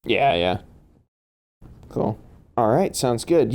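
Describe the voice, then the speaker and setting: A man running a tabletop game as game master, relaxed and laughing easily, narrating loosely with fillers over a home chat mic. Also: medium pitch, measured pace, clear, resonant tone.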